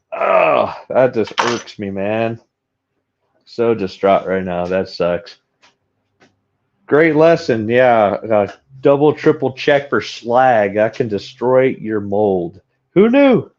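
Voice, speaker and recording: A man's voice: mid-range voice, a little mellow. A man live-streaming while casting metal, talking to his chat, frustrated and joking at his own expense. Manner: frustrated, self-deprecating, talks to chat. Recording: dull lo-fi sound.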